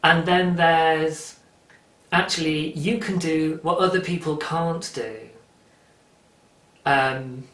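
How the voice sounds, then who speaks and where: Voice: medium pitch, fairly even intonation, slow, pauses often, fairly bright tone. A podcast host talking casually on their own, earnest and encouraging, often restarting sentences. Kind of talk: casual solo podcast monologue. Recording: roomy, distant from the mic.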